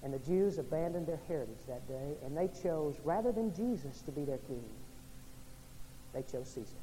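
A male pastor delivering a sermon, swinging from loud emphasis down to quiet, hushed lines. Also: on the high side, expressive, moderate pace, a little hiss or hum. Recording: reverberant hall with faint ambience.

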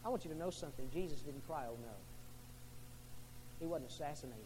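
A man preaching a sermon, dropping to soft, low passages and rising to loud, fervent preaching. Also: rapid-fire, long reverb tail, noisy background.

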